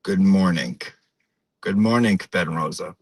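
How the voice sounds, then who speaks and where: A man's voice: sits low, husky, no room sound, voice pushed down, heavily acted, poor audio. A man playing a chatty, rambling middle-aged mom in a comedic character monologue. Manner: rambling, gossipy, drawn-out. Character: chatty middle-aged Portuguese-American mom on her morning drive.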